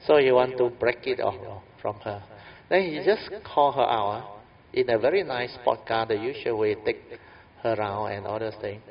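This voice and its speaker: A man's voice: mid-range voice, moderate pace. A man giving a Buddhist Dhamma talk, telling a story in a chatty, anecdotal way with tag questions and fillers. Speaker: Buddhist teacher. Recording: dull lo-fi recording.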